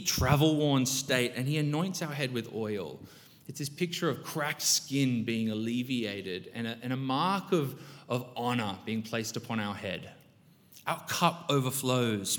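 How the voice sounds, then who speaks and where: Animated male preacher in reverberant hall. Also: mid-range voice. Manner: animated preaching, swings from loud to quiet. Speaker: pastor. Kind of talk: sermon.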